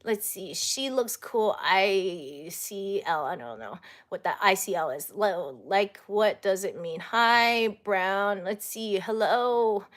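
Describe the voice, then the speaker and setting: A woman's voice: mid-range voice, lively intonation, takes it slowly, hardly any pauses. A woman in her thirties chatting casually on a livestream, reading viewer comments aloud and giggling often.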